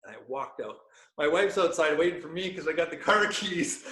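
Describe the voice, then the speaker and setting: A man guest on a podcast, telling a personal story with animated energy and frequent laughs, dropping to hushed tones for quoted lines. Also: a little high, moderate pace. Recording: roomy echo.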